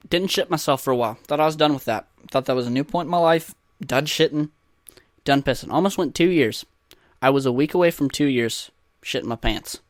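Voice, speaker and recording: A man's voice: mid-range voice, no echo, clean studio sound. Profane young man telling crude stories. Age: 20s. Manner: profane, rambling, self-mocking. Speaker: podcast host. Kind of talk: casual crude storytelling monologue.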